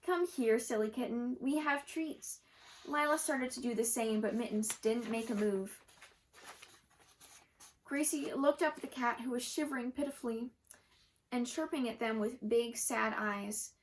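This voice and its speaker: A woman reads a children's story aloud in a gentle, friendly manner. Her voice sits a little high, and she now and then trips on a word and corrects herself. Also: moderate pace, a little hiss or hum, poor audio. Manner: gentle, occasional slips and self-corrections.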